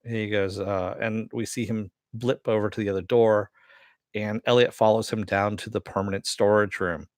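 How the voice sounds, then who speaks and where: A man's voice: on the low side, little pitch movement, moderate pace, no room sound, clean studio sound. A man giving a rambling, casual spoken recap of a TV episode, full of "uh" and "you know" and offhand swearing. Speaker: TV episode reviewer.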